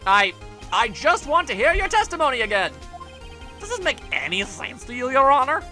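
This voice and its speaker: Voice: sits high, very animated, normal speed, faint music behind, exaggerated voice. Nachgesprochener Spielheld, Mann, hektisch, lebhafte Tonhöhe, leise Musik. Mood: flustered. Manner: nervous, stammering, then shouting. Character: flustered young male defense lawyer.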